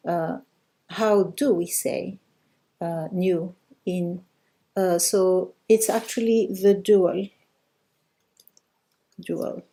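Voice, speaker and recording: A woman's voice: on the low side, creaky, dark tone. A middle-aged woman teaching a live online language lesson, patiently repeating questions and praising answers.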